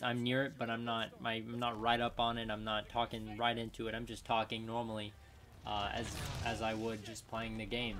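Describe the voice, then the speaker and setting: A man at his home gaming setup talks casually over gameplay, rambling and correcting himself with plenty of fillers. His voice sits at an ordinary middle pitch, picked up by a desk USB condenser mic as he shifts closer and farther away. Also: fairly bright tone. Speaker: gaming channel host reviewing a microphone. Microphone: desk USB condenser microphone, distance changing.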